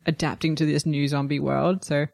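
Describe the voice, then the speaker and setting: A woman's voice: sits low, flat delivery, moderate pace, vocal fry, a little mellow, no echo, studio quality. A young adult woman co-hosting a podcast, chatting casually with lots of fillers. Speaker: podcast co-host. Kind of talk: casual chat.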